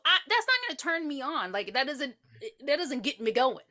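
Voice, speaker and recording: A woman's voice: high voice, sing-song, moderate pace, pushed and bright. A woman co-hosting a podcast, giving blunt, profane opinions on a film in casual chat. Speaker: podcast co-host. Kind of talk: casual movie recap chat.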